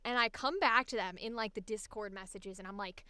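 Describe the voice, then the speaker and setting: Bright, crisp-voiced woman voice actor. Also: mid-range voice, a little fast, no room sound. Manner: animated, chatty, laughs often. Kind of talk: casual chat about voice acting.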